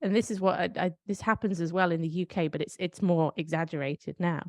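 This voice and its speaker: A British woman with a slightly low voice, co-hosting a podcast in casual conversation. She tells everyday stories and then reflects on them aloud, often questioning herself as she goes. The recording is close and dry, with no room echo. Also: steady tone, fairly quick. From United Kingdom. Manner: reflective, storytelling with self-questioning asides. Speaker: podcast co-host.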